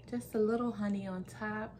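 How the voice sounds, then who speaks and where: Woman, young adult, chatty vlogger, laughs often, unhurried delivery, faint room sound behind. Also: mid-range voice, a little mellow, slight background noise. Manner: chatty, laughs often, addresses viewers as guys. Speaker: cooking vlogger. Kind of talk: casual cooking vlog.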